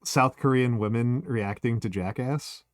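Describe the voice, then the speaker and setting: A man's voice: mid-range voice, unhurried, no room sound. A man hosting a live stream, chatting casually, rambling with repeated words and frequent laughs. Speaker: streamer host.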